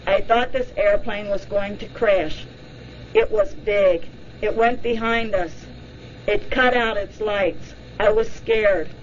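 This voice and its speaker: A woman's voice: mid-range voice, muffled recording, a little hiss or hum, close to an everyday voice. A woman reading as a dazed hypnosis subject. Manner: halting, dazed first-person recall. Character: shaken woman recalling a glowing eye under hypnosis.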